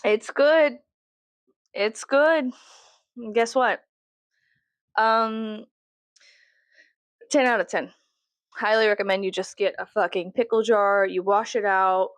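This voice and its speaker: A young woman from Texas talks straight to camera in a loose, rambling vlog, swearing freely and joking as she goes. Her voice sits at an ordinary middle pitch, and the sound is close and dry with no room around it. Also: fairly even intonation, measured pace, pauses often, a bit bright, no echo. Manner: profane, chatty, jokey. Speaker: vlogger. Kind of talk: casual rambling monologue.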